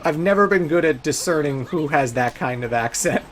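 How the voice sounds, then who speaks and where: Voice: mid-range voice, expressive, normal speed. Laid-back let's play host, faint music. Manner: laid-back, chatty, laughs often, swears casually. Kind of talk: casual gameplay commentary.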